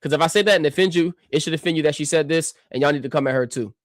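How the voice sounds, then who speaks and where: A man's voice: a little high, rapid-fire, no echo. Male streamer, combative reaction rant, mocking, dry and close. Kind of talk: ranting reaction commentary.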